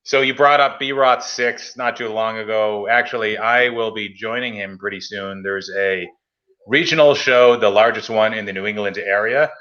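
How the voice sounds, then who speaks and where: Bright-voiced man hosting a casual chat. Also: fairly low pitch, fairly even intonation, normal speed, highs cut off. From Massachusetts. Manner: chatty storyteller, acts out quoted phone calls. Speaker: podcast host.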